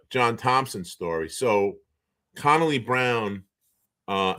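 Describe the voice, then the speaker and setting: A middle-aged man with a Boston accent telling stories on a video call, acting out the voices of the people he quotes. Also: lowish voice. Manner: animated storyteller who acts out quoted voices. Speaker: guest. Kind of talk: storytelling in casual chat.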